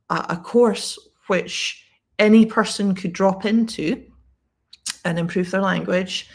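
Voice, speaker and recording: A Scottish woman talks straight to camera, chatty and full of little restarts. Her voice sits fairly low and has a gravelly, husky edge. She tells a casual story as an English teacher. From Scotland. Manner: chatty, frequent fillers and restarts.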